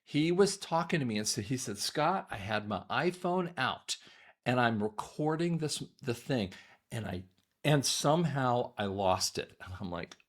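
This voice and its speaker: A man in the middle pitch range talks straight to his audience in a loose, rambling monologue. He doubles up words, breaks off sentences and restarts them. Every so often he stops to clear his throat. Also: lively intonation, a little slow. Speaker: audiologist and online commentator. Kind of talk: casual monologue commentary.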